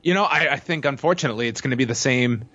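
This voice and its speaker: A male podcast guest who analyzes wrestling storylines in a measured, opinionated way, often using figurative phrasing. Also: mid-range voice, pushed and bright, muffled recording. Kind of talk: analytical casual chat.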